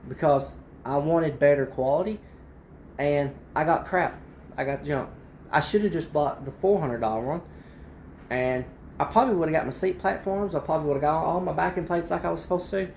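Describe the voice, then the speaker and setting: Gravelly man ranting in a garage. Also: a little high, lively intonation, fairly quick, darkish tone, slight background noise. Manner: frustrated, ranting, complaining. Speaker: car restorer. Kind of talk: ranting workshop vlog.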